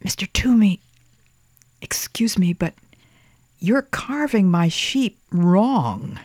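A reader voicing a quiet, earnest seven-year-old boy who whispers politely in a storybook. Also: mid-range voice, animated, takes it slowly, no echo, pitched above the performer's own voice. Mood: hushed polite. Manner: soft, hushed pleading whisper.

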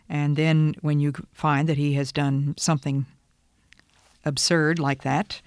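An older woman and grandmother giving earnest, measured advice on disciplining children. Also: deep voice, a little mellow, no echo, clean studio sound. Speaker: parenting advice speaker. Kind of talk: instructive talk.

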